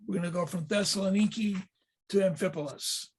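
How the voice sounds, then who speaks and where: A man with a fairly high voice walks listeners through photos in a Bible history class, pausing on fillers and restarting phrases as he explains. He talks like a tour leader preparing a group for a trip, steady and explanatory. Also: husky. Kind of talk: slide-based Bible history lesson.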